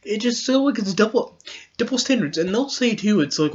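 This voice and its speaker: Podcast host, solo commentary. Rambling, sarcastic, laughs a lot; mid-pitched, slightly muffled lo-fi sound. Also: expressive, a little fast, breathy edge. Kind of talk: casual political commentary monologue.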